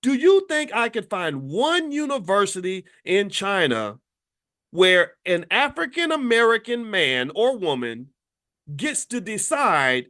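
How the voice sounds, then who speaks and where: A podcast host delivers a fiery monologue, firing off rhetorical questions at his listeners. He talks in a fairly high voice that leaps and dips with great animation. He sounds impassioned and preachy throughout. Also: big pitch swings, slow, bright, forceful tone. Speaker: podcast host and finance professor.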